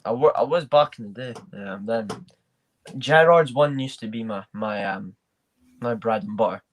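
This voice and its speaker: A man's voice: medium pitch, normal speed. A man hosting a live football watchalong, chatting loosely with banter and restarts. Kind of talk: casual chat.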